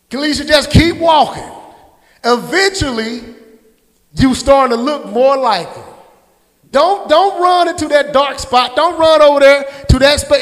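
High-voiced preaching man in a hall. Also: fairly bright tone. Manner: call-and-response preaching, addresses congregants by name. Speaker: pastor. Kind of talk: sermon. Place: church sanctuary.

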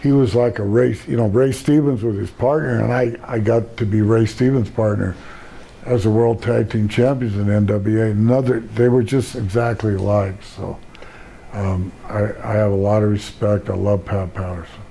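A man's voice: fairly low pitch, fairly even intonation, moderate pace, vocal fry, dark tone, husky. An older man, a retired pro wrestler, telling rambling stories in a casual interview with many restarts. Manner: rambling storyteller, frequent restarts.

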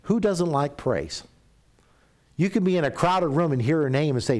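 A middle-aged man from Canada delivering a church sermon in a mid-pitched voice. He tells stories with animated jumps in pitch, then drops to a hushed, reverent tone. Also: moderate pace. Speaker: pastor.

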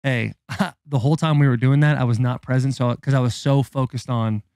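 A man's voice: medium pitch, moderate pace, no room sound. Man telling a wild story, dry sound. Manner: animated, profane, dramatic build-up. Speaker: podcast co-host. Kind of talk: casual storytelling.

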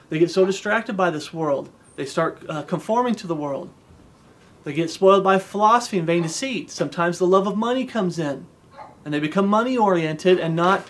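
A man with a notably high voice preaches a relaxed devotional sermon. He talks earnestly and plainly, reciting scripture in old-fashioned wording and pausing to ask his listeners "okay?". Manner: earnest, conversational, often checks in with "okay?"; recites King James scripture aloud.

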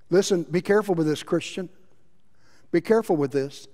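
A man preaching a sermon as pastor, impassioned, moving between loud emphasis and quiet passages. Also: high-pitched, a little fast. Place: church sanctuary. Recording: long reverb of a church hall.

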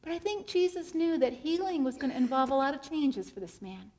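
A woman with a high, light voice gives a faith-based motivational keynote. She talks expressively and often slows and softens to land a point. She repeats her key phrases so they sink in. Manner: expressive, slows and drops to a soft voice for emphasis; repeats key phrases to drive them home. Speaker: keynote speaker.

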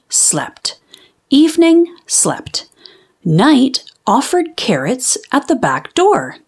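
A woman's voice: medium pitch, husky, heavily acted. A woman reading as a sleepy, bossy wombat. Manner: deadpan diary entries, sleepy words whispered. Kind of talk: children's storybook reading.

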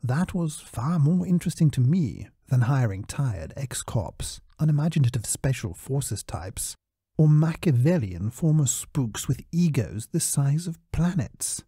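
A man voicing a cool, precise private spy who speaks in a courteous, measured way. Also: medium pitch, big pitch swings, dark tone, slightly rough, no echo, clean studio sound.

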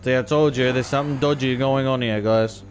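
A man's voice: medium pitch, steady tone, fairly quick, faint music behind. A man with an Australian accent giving casual reaction commentary, chatty and repeating himself as he talks back to the screen. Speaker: reaction video host. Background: show soundtrack playing.

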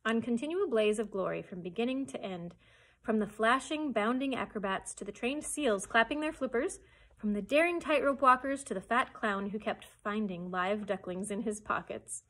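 A woman's voice: a little high, normal speed. Woman reading a chapter book aloud. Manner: expressive storytelling. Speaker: children's librarian.

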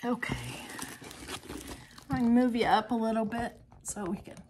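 A woman's voice: fairly high pitch, moderate pace, a little mellow, a little hiss or hum. A woman craft vlogger giving casual unboxing commentary, gushing with exclamations and chatty asides to her viewers.

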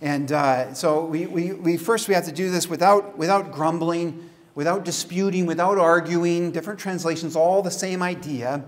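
A man as pastor, preaching a casual, conversational sermon with chatty asides and quick laughs. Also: fairly high pitch.

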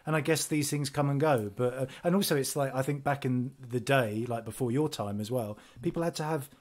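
A man's voice: mid-range voice, fairly quick, darkish tone. A man co-hosting a comedy podcast, chatting enthusiastically over a video call. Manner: enthusiastic, rambling with fillers. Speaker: podcast co-host. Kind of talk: casual chat.

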